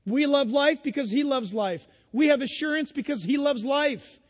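Speaking at a moderate pace in an extremely high pitch, a male pastor delivers a church sermon within the acoustics of a large hall. He relies on conversational storytelling and rhetorical questions directed at the congregation.

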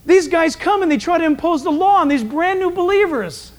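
A male pastor preaching a Bible-teaching sermon in an animated, emphatic way, acting out the voices of people in his stories. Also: very high-pitched, a little fast. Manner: animated, emphatic storytelling that acts out quoted voices. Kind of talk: expository sermon.

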